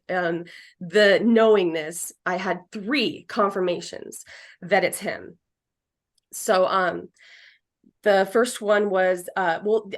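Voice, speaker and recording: A woman psychic medium in casual chat, rambling and animated, often acting out what was said to her. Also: medium pitch. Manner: rambling, animated, acts out quotes.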